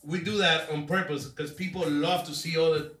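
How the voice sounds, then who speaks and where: A man's voice: on the high side, fairly even intonation, moderate pace, a bit bright, recorded from a distance, faint music behind. Blunt man co-host, off-mic and echoey. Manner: blunt, teasing, short dry remarks. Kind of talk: casual talk show chat.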